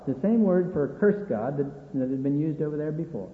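Guy preaching a sermon, folksy, bit high voice, echoey hall on a tinny line. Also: expressive, brisk, few pauses. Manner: folksy, acts out dialogue between God and Satan.

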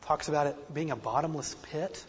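A man's voice: fairly high pitch, normal speed, slight background noise. A man preaching a sermon with earnest, self-deprecating emphasis and a slight speech impediment. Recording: dull lo-fi recording in a reverberant hall.

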